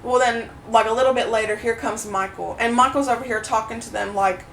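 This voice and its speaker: A woman co-hosting a podcast, telling a story in a casual, animated way, swearing freely and acting out what others said. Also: on the high side, brisk, hardly any pauses. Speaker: podcast co-host. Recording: roomy echo, mic at a distance, faint noise.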